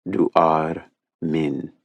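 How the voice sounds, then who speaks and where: A man's voice: a bass voice, fairly even intonation, slow pace, creaky, a little mellow, no echo, exaggerated voice. Man voicing a tired, tender hockey star.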